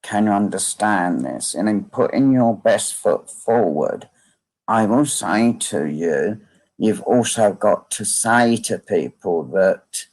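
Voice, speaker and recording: A man, working as a medium, giving a slow, repetitive reading and asking again and again whether the listener understands. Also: lowish voice, lively intonation, a little mellow. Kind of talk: live online mediumship reading.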